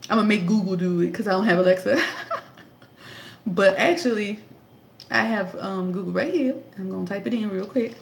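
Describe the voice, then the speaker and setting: A woman's voice: mid-range voice, moderate pace, vocal fry, long pauses, slight background noise. A woman in her thirties giving casual political commentary into a tablet, emphatic and sarcastic, firing off rhetorical questions. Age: 30s. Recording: echoey room.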